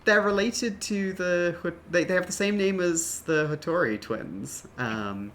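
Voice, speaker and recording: A woman's voice: fairly low pitch, measured pace. A woman streaming a video game in casual commentary, joking, laughing often and swearing casually.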